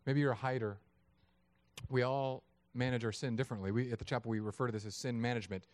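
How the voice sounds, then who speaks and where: A man in his thirties preaching a sermon, lively and acting out voices of God and people in his story. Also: mid-range voice, quick pace, dry recording. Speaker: pastor.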